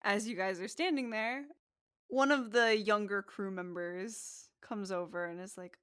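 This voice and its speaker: A woman's voice: medium pitch, measured pace, a bit bright, clean tone. Casual woman narrating as game master. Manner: casual, laughs easily, uses many fillers.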